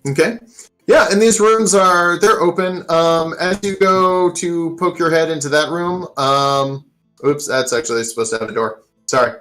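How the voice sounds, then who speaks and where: Brief: laid-back game master, mid-pitched, loose and chatty narration. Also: moderate pace, faint music behind, low-quality recording. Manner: relaxed, filler-heavy narration.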